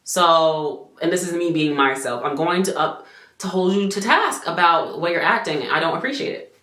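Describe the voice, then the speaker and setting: A young woman talking straight to camera in a fairly low voice, with a roomy echo around her. She is animated and blunt in this casual story. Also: normal speed. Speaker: vlogger. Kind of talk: casual chat.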